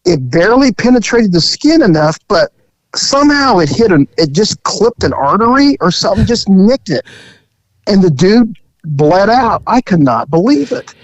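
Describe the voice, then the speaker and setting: Male podcast co-host, former cop, profane animated storyteller, higher voice, lo-fi sound. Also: normal speed, no echo. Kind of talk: casual storytelling chat.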